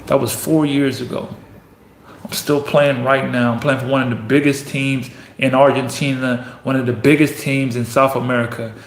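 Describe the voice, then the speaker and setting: A man's voice: mid-range voice, level tone, moderate pace. A young adult man, a professional basketball player, giving an intense, repetitive motivational speech that builds to emphatic peaks. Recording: echoey room.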